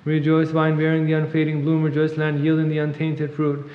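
Male reader, rapid monotone liturgical recitation; muffled, long church reverb. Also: a little high. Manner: fast monotone recitation, clears throat at times. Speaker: reader at a monastery service. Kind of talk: rapid liturgical chant reading.

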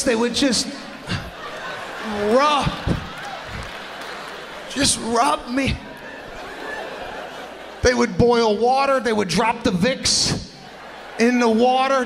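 A man doing a stand-up comedy set, animated, acting out his family and rising to shouts. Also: extremely high pitch, creaky, in a large hall. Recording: live club with audience and room noise. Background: audience laughter.

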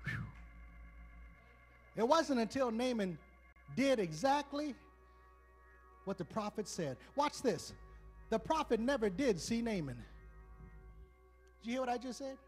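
High-voiced preaching pastor, live church. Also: male voice, big pitch swings, unhurried, pauses often, husky. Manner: preaching, swings from loud exhortation to soft prayer. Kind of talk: sermon with altar call. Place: church sanctuary. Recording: live church stream with faint music.

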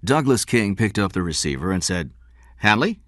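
A man narrating an audiobook story in a measured, expressive way. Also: low-pitched, no room sound, studio quality. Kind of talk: scripted narration.

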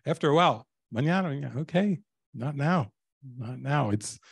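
A man's voice: mid-range voice, animated, normal speed, gravelly, slightly rough, no echo. An older man, a spiritual teacher, telling stories to a live audience and laughing often. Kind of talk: storytelling talk to a live audience.

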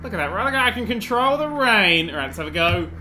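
Excitable man doing game commentary. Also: sits high, a little fast, a little hiss or hum. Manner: excitable, sarcastic, swears freely. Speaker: gaming video host. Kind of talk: comedic gameplay commentary.

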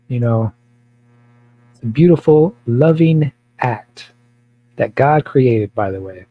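A man's voice: mid-range voice, expressive, takes it slowly, highs cut off. A man who is a pastor, talking in a blunt, provocative, rambling way with many repeats during a casual Bible study.

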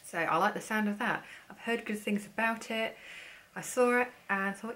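A woman's voice: mid-range voice, moderate pace, fairly bright tone. A woman chatting casually to camera about her shopping, with playful self-deprecating asides. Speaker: beauty vlogger. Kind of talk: casual haul chat to camera.

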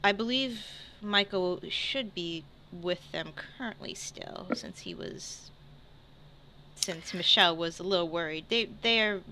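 A woman voicing an earnest young mage companion who speaks softly and haltingly. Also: lowish voice, a little hiss or hum.

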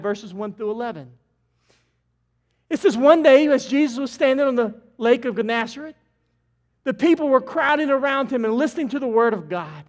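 A man pastor preaching an impassioned sermon in a church sanctuary, swinging from loud to quiet. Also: very high voice.

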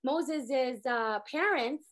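High-pitched woman teacher; chatty, animated storytelling over a video call. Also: drawn-out words. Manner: animated storytelling, acts out characters' lines, many "like" fillers. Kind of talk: casual online Torah class.

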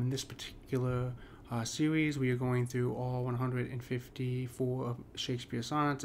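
A man giving a casual spoken lesson on poetic meter, halting often with ums and restarts. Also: mid-range voice, darkish tone, slight background noise. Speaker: poetry teacher.

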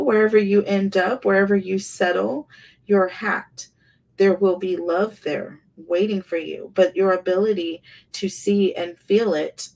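A woman's voice: medium pitch, creaky, a little mellow, far from the mic, poor audio. A woman giving an emphatic tarot reading to her viewers, repeating words for effect. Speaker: tarot reader.

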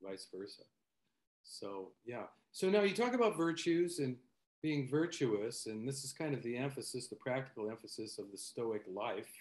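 Man, podcast host, friendly short questions, average pitch, roomy echo. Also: animated, moderate pace, darkish tone. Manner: brief affirming questions. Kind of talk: conversational interview.

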